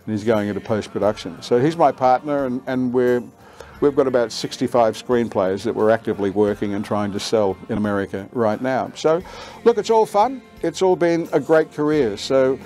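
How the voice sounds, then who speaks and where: An older Australian man, a veteran radio announcer and voiceover artist, recalls his career with lively storytelling and acts out quoted lines. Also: mid-range voice, moderate pace, soft background music. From Queensland, Australia.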